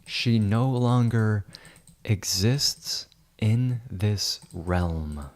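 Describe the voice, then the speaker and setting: A man putting on the voice of a pompous, all-powerful wizard who makes slow, booming proclamations. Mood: grandiose.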